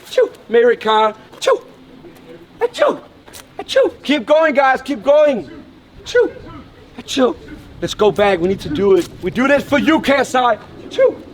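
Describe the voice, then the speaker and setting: A young man from Denmark, loudly cheering on his friends during an outdoor group vlog stunt. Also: very high voice, moderate pace. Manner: loud, excitable, cheering others on. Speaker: vlogger leading a group stunt. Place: outdoors on a street in front of a house. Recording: outdoor clip with friends chattering around. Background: group of friends nearby.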